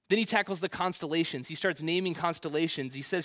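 A man preaching a conversational sermon, retelling scripture in a relaxed, slangy way with playful asides. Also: fairly high pitch, quick pace, few pauses.

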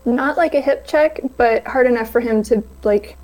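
A woman's voice: on the high side, normal speed, darkish tone, faint music behind, rough recording. A woman playing in a tabletop game, casual, playful and scheming. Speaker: player.

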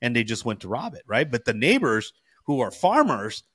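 A man's voice: medium pitch, moderate pace, slightly rough. Laid-back storytelling man from California. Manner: animated storyteller, slangy with bro and you know. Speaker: podcast co-host. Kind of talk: casual chat.

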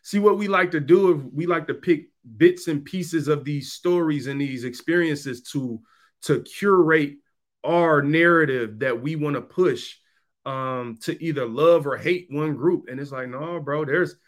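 With a slightly high, fairly bright voice, this man delivers a conversational podcast monologue directly to his audience. He leans on slang and emphasis, hammering points home by repeating them.

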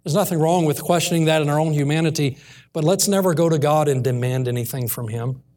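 A man preaching a sermon in a church, reading scripture aloud and slowing down earnestly on the key lines. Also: on the high side, a little mellow.

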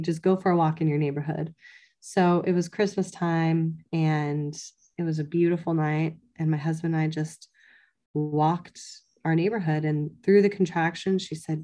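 This woman's voice sits low with a dark tone. In her thirties, she is a podcast guest recounting her birth story in a conversational way, peppering it with "like" and quoting others who were there.

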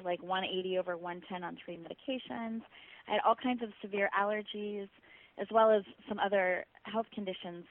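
A middle-aged woman physician speaks candidly and reflectively as an interview guest, at an ordinary pitch for a woman. Her voice comes through a narrow, phone-like line. She recounts personal experience with earnest openness. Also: dry recording. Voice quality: earnest, reflective, with soft laughs.

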